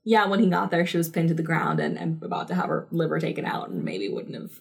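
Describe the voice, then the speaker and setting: A woman's voice: sits low, sing-song, fast talker, creaky, husky. A woman in her thirties co-hosting a podcast, chatting casually about a TV episode with lots of fillers and laughter. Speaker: podcast co-host. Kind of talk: casual chat reviewing a TV episode.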